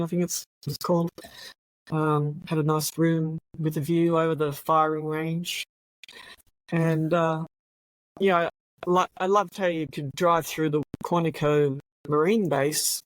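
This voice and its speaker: A woman's voice: low voice, steady tone, measured pace, no room sound, low-quality recording. Brief Chatty retired Australian policewoman, dry sound. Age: older. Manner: chatty, laughs often, many fillers. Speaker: retired police officer, guest. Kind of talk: casual anecdote telling.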